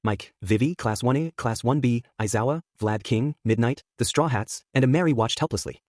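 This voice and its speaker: A man narrating a fan fiction story in a steady, even reading voice. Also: mid-range voice, fairly quick, hardly any pauses, no room sound, clean studio sound.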